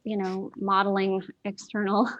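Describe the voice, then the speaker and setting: A woman's voice: medium pitch, little pitch movement, measured pace, no room sound, lo-fi sound. A woman, a guest in a heartfelt spiritual conversation over a video call, speaking earnestly and repeating phrases for emphasis.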